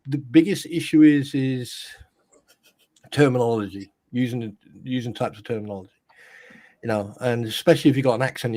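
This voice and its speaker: A man's voice: medium pitch, mellow, no echo. A British man from the UK co-hosting a live stream, chatting casually in a rambling, joking way. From United Kingdom. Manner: rambling, joking, quick to mimic others. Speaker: stream co-host.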